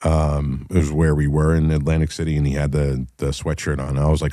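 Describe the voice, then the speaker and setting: A man with an extremely deep, dark voice tells a story to his audience in a blunt and profane way. His delivery is casual and animated, recorded dry and close with little room sound. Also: fairly quick, dry recording. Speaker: podcast host.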